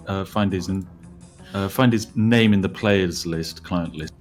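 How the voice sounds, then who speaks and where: A man with a somewhat low voice chatting in a casual multiplayer game. He gives practical tips in a matter-of-fact way and boasts with easy confidence. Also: a little slow, faint music behind. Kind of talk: casual multiplayer gaming chat.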